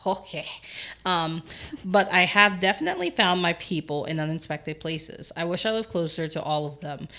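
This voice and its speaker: A young woman with a low-pitched voice chats casually as a podcast co-host. She is animated and swears freely. She acts out little exchanges with her toddler. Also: moderate pace. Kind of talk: casual chat, reading listener comments.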